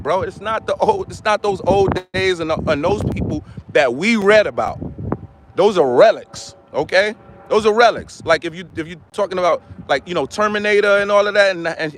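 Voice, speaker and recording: A man's voice: sits high, fairly bright tone, slight background noise, rough recording. A man hosting his own commentary channel, giving a heated, repetitive monologue. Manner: impassioned, repetitive, restarts often.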